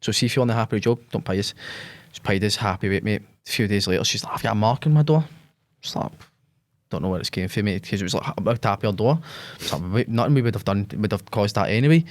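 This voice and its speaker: A man's voice: lowish voice, fast talker. A Scottish man, a business owner and podcast guest, telling a rambling story in casual, sweary chat and saying "mate" constantly.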